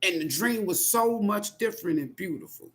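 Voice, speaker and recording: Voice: mid-range voice, expressive, normal speed, a bit bright. A tarot reader delivering an impassioned spoken monologue in a profane, emphatic, preachy way.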